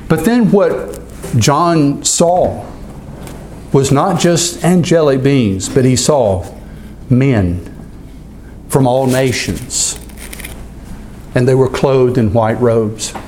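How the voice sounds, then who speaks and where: Man, pastor, sermon, measured delivery, slows for scripture readings. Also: mid-range voice, a little mellow, a little hiss or hum.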